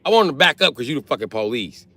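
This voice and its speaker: A man's voice: mid-range voice, very animated, very fast, pushed and bright, slight background noise. A young man from Wisconsin, a livestreamer telling a rambling, profane comic story with lots of energy.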